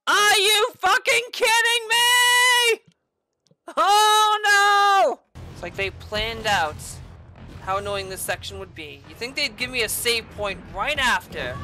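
A gaming channel host with a high-sitting voice yells and swears at the game as she provides gameplay commentary. Between outbursts she tosses in sarcastic asides.

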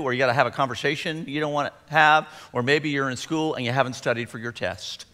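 A middle-aged man preaching a sermon as pastor in a conversational, animated way. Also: mid-range voice. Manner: conversational, acts out sighs and groans. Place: church sanctuary. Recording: long hall reverb.

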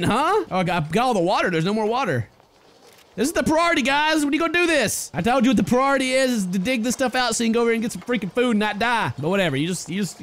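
A young man casually commentating a colony game, excitable and jokey, talking to his little characters. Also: high voice. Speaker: gaming YouTuber. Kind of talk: casual let's-play commentary.

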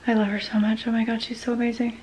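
A woman's voice: a little high, level tone, quick pace, a little mellow, a little hiss or hum, low-quality recording. A woman venting frustration in a casual talking-to-camera vlog, with lots of ums. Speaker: vlogger sharing a medical experience.

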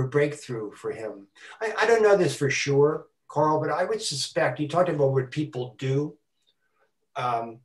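An older man giving a talk on a video call, speaking haltingly and repeating words as he stutters. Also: medium pitch, reverberant, recorded from a distance. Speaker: guest speaker.

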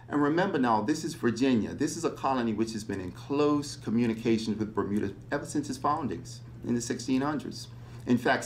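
A man giving a public history lecture, animated and fond of rhetorical questions. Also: medium pitch.

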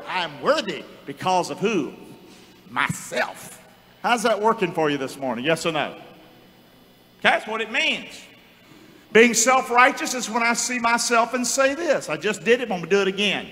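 Male pastor, high, bright voice, lively call-and-response preaching, big reverberant church hall. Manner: preaches with rising shouts and repeated calls to the congregation. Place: church sanctuary.

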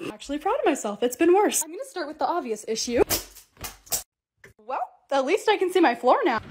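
A bubbly young woman talks through her own vlog at a quick clip with a high, lively voice. She sounds upbeat and pokes fun at herself. A faint noise sits under the recording. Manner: bubbly, self-mocking, upbeat. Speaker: lifestyle creator. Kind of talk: voice-over vlog narration.

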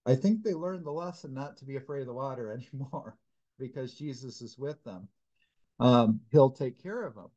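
A man's voice: on the high side, a little mellow, lo-fi sound. Man leading a casual Bible study. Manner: informal, thinks aloud with fillers and restarts. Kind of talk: conversational Bible teaching. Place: church.

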